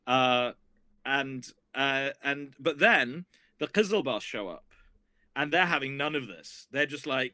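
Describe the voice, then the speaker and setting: A man who is a guest historian, telling a story in a casual, animated way that rambles with many restarts. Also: medium pitch, a little slow, no echo.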